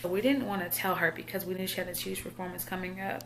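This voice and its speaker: In a personal vlog, a Southern woman from Texas in her thirties speaks quietly and haltingly, often trailing off mid-thought. Her voice is on the lower side with a steady tone, and a faint noise sits beneath the recording.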